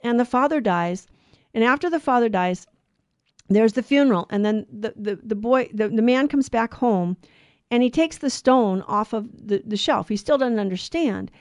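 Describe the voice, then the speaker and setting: A woman telling a moral story in a casual, animated way, acting out the characters' lines. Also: on the high side, moderate pace, dry recording, studio quality. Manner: animated, acts out the lines, many restarts.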